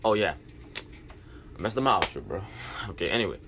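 Reacting to a video, this young man rambles to his viewers in casual vlog style, drifting loosely and dropping apologetic asides. He talks briskly in a low, slightly bright voice with big pitch swings, over a little hiss or hum.

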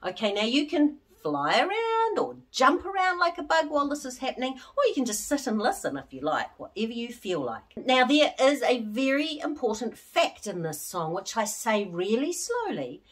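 A woman's voice: a little high, very animated, moderate pace, hardly any pauses, recorded from a distance. A woman leading children through an interactive song, talking to them directly and encouraging them. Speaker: children's singer and presenter. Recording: speech over loud guitar music.

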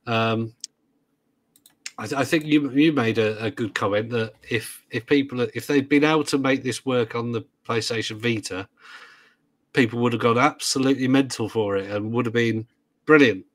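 A man's voice: medium pitch, normal speed, no room sound. A man co-hosting a gaming podcast, talking hesitantly with many ums and restarts and making joking asides. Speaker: podcast co-host. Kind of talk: casual chat.

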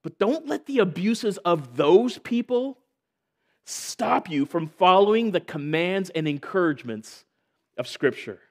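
A man's voice: high-pitched, expressive, measured pace, darkish tone. A man preaching a sermon as a church elder, in a conversational way with joking asides.

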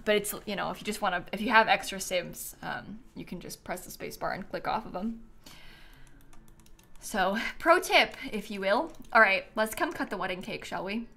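A woman's voice: medium pitch, pushed and bright. A young woman streaming a life-sim game live, chatting casually and rambling with many fillers. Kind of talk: casual gameplay commentary.

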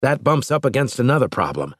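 A man's voice: mid-range voice, big pitch swings, brisk, slightly rough, no room sound, clean studio sound, pitched above the performer's own voice. A man voicing a resolute starship captain in an audiobook, urgent and insistent.

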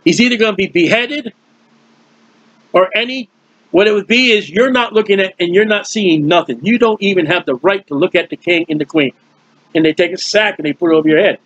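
Husky high-voiced man teaching scripture. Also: fairly quick, a bit bright, dry recording, lo-fi sound. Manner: conversational, explains with everyday comparisons, frequent restarts. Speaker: Bible teacher. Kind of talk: informal verse-by-verse Bible teaching.

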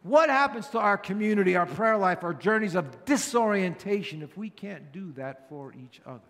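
A man's voice: high voice, expressive, moderate pace, fairly bright tone, in a large hall. A male pastor giving an earnest, conversational sermon, often repeating phrases for emphasis.

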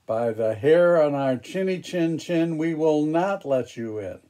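A man's voice: animated, measured pace, dark tone. A man voicing the three little wolves in a storybook read-aloud, raising his voice in emphatic refusal. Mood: defiant. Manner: raised, higher, emphatic refusal.

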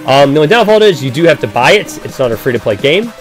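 A man's voice: a little high, very animated, fast, soft background music. A man hosting a casual game live stream, chatty and upbeat, greeting viewers by name and explaining with frequent "um"s. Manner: frequent "um" fillers while explaining.

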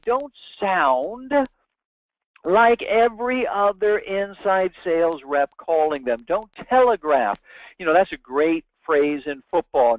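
A man's voice: fairly high pitch, dry recording. A man presenting a sales training webinar, coaching emphatically with big swings in inflection. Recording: dull lo-fi webinar audio.

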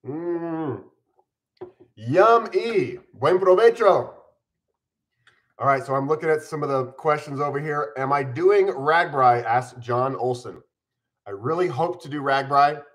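A man's voice: medium pitch, fairly bright tone. A man in his forties hosting a casual live stream from home, chatting upbeat and eating on camera while mildly ill.

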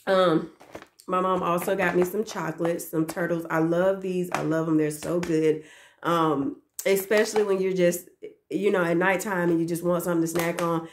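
A young woman with a fairly low voice chats to the camera about her gifts. She gushes, repeats herself, and addresses her viewers as y'all. A faint hiss sits under her voice. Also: steady tone, measured pace. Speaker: daycare teacher. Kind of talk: casual gift haul chat to camera.

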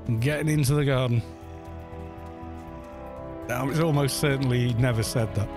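Chatting on his live game stream, a British man in his thirties shares stories and laughs a lot. He speaks with a mid-range voice, steady in tone and moderate in pace, as soft music plays faintly behind him.

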